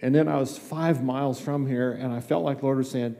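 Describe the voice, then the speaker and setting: A man's voice: medium pitch, fairly even intonation, brisk, vocal fry, hardly any pauses, dark tone, big-room sound. An older man giving a conversational sermon as a guest preacher in a church, chatty and folksy, acting out little dialogues with asides. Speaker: guest preacher, district superintendent. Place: church sanctuary.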